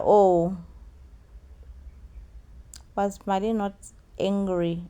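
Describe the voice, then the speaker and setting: A woman's voice: mid-range voice, clean tone. South African woman, chatty recap host, switches between languages, repeats herself for effect. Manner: animated, mixes English with Zulu and Xhosa, repeats phrases for emphasis. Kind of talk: casual recap chat.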